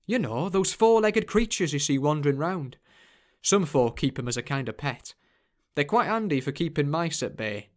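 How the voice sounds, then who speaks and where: A man's voice: fairly high pitch, animated, normal speed, natural voice. A man voicing a kindly older male angel boatman with a Yorkshire accent, chatty and folksy.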